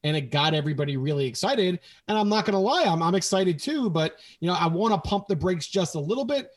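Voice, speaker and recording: A man co-hosting a casual sports podcast, his voice sitting a little high. He retells the game's big plays with animated, chatty energy. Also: fast talker. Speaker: podcast co-host.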